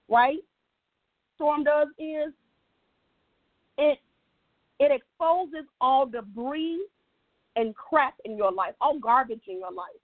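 Over a dry, phone-like tinny line, a woman with a high voice speaks as a guest. Her faith-centered motivational talk is emphatic, with repeated key lines and frequent "right?" check-ins.

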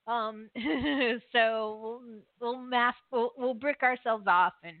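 A woman's voice: a little high, slow, no echo. A woman hosting a call-in show, talking casually with frequent laughs and stammered restarts. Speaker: podcast host. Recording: tinny phone-line call-in audio.

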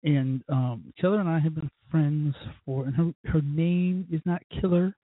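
A man's voice: on the high side, a little slow, narrow, tinny audio, a little hiss or hum. A man hosting his own podcast, talking in a rambling, self-deprecating way and cursing constantly. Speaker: podcast host. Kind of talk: rambling, profane solo podcast talk.

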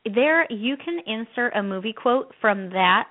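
A playful woman co-hosting a chatty faith talk, retelling movie scenes. Her voice is high, and the sound comes through a thin, phone-like line. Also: animated, unhurried. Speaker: podcast co-host. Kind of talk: casual chat about faith.

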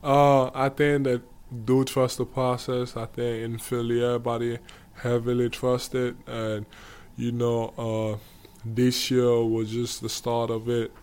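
A man with an African accent, answering interview questions casually and pausing often to find his words. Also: mid-range voice, little pitch movement, a little mellow, clear, resonant tone. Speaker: guest basketball player.

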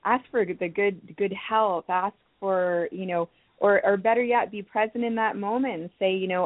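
A woman guest, a crystal healing teacher from Canada, speaking softly and hesitantly, with many pauses and restarts. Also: medium pitch, steady tone, no room sound. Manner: soft-spoken, hesitant, many ums and restarts. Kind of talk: phone-in talk show guest. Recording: tinny phone line, dry.

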